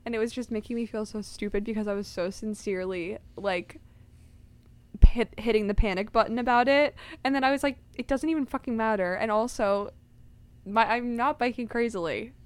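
A woman's voice: on the high side, normal speed, clear, resonant tone. A young woman in her twenties, co-hosting a casual chat podcast and telling stories with lots of exclamations. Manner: animated storyteller, exclaims often. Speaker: podcast co-host.

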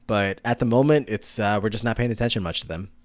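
A man with a low, smooth voice talks through his take on a show, circling back and restarting as he thinks. The sound is close and dry. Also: fast, no echo. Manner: rambling, many fillers and restarts. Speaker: podcast co-host. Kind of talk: casual analytical chat.

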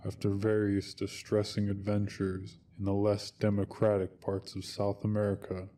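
A man's voice: lowish voice, completely flat delivery, moderate pace, mellow, far from the mic. A man narrating a wry first-person story in a dry tone.

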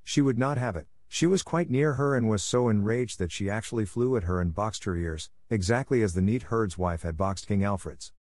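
Scripted audiobook narration is delivered by a man with a lowish voice, reading steadily and in a measured way.

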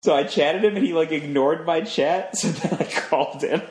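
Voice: medium pitch, moderate pace, a little mellow, reverberant. A podcast co-host retelling a story in casual chat, laughing often and acting out the quotes.

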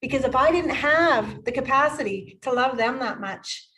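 A yoga studio owner and teacher in her fifties speaks in a high, animated, slightly bright voice at a moderate pace, though the audio is poor. In a podcast interview she tells personal stories with emotional, effusive energy and laughs often.

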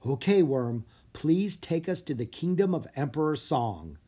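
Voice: mid-range voice, lively intonation, measured pace, dark tone, slightly rough. A reader voicing an eager, brave young boy who rides a dragon, earnest and urgent.

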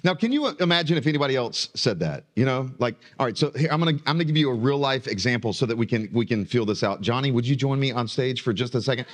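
A man in his thirties giving a sermon as pastor from a church stage, preaching dramatically with drawn-out pauses and falling emphasis. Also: mid-range voice, lively intonation.

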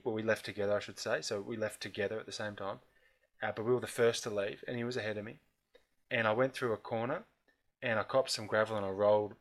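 A middle-aged Australian man telling a long personal anecdote in casual conversation, animated and laughing as he talks. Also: on the low side. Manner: animated storyteller, laughs through his anecdotes. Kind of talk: casual storytelling chat.

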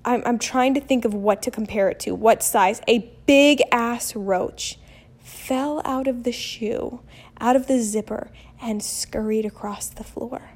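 Storytelling in a laid-back vlog, a mother in her thirties keeps a measured pace, her voice sitting slightly high. She acts out the dialogue, stays blunt and animated, and lets mild curses slip.

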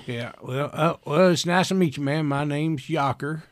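A man's voice: a little high, moderate pace, no room sound, clean studio sound, lightly acted. A man playing a folksy, rambling coffin maker with a Southern accent in a tabletop game.

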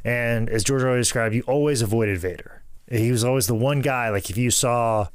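A man co-hosting a podcast, telling stories in casual chat and quoting others in low put-on voices. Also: fairly quick, clear, resonant tone, dry recording. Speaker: podcast co-host.

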